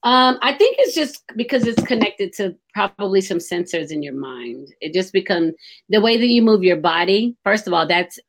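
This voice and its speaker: A woman's voice: medium pitch, sing-song, normal speed. A woman hosting a radio talk show, chatting openly and expressively and laughing easily.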